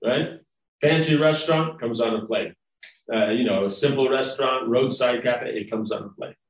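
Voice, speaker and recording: A man of medium pitch speaks at a moderate pace as he gives a devotional class lecture. The spiritual lecturer rambles conversationally and often checks in with his listeners, and the recording sounds roomy from a distant mic.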